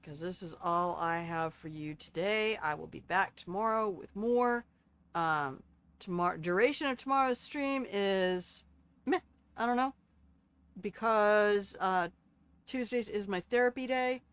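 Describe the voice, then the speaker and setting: A woman's voice: mid-range voice, measured pace, a bit bright, smooth. An older woman signing off a game livestream, chatty and affectionate with a self-deprecating streak. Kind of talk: casual livestream sign-off. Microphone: streaming desk microphone.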